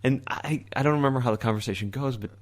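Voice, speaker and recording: A man co-hosting a casual podcast chat, relaxed and easygoing, chuckling as he tells stories. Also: medium pitch, fast. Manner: relaxed, easygoing, hesitant fillers, chuckles while telling stories. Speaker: podcast co-host.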